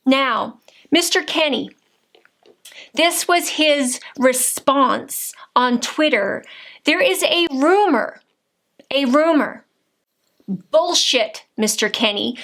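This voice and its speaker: A woman's voice: sits high, a bit bright. A woman delivering an angry political rant to camera, indignant and combative, firing rhetorical questions. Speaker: political vlogger.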